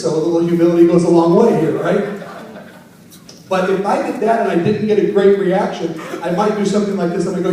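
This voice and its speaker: High-voiced man teaching in an echoey hall. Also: a little fast, mellow. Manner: playful, teases the audience. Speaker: wedding emcee teaching a workshop. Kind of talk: live seminar talk to an audience. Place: conference room. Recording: very echoey hall, mic far off.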